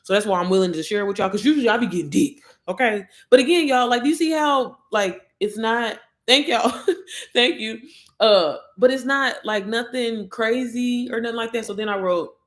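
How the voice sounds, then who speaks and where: A woman's voice: medium pitch, normal speed. Chatty lady on a livestream, talking to the viewers like friends, reads her affirmations out. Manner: chatty, addresses viewers as y'all, girl and baby. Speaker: livestream host. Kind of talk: casual livestream chat.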